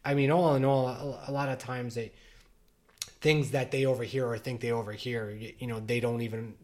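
A man's voice: mid-range voice, level tone, fairly quick. A middle-aged man co-hosting a podcast, chatting casually and rambling with many restarts and fillers. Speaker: podcast co-host. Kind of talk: casual chat.

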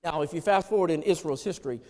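A man preaching a sermon, swinging between loud emphatic calls and low hushed lines. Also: quick pace, long reverb tail.

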